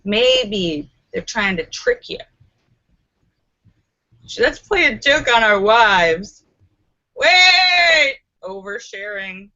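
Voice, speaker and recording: On a muffled recording, a female livestream host speaks animatedly but slowly, with long pauses and a pushed, bright tone. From her LA home she reads viewers' comments and banters playfully, laughing a lot and performing stories in squeaky voices.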